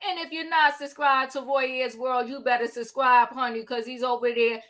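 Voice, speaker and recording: High bright-voiced woman running a livestream chat, loud and animated, hollers at her viewers. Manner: animated, calls out to viewers, drawn-out exclamations. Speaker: livestream host. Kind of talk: casual live-stream chat.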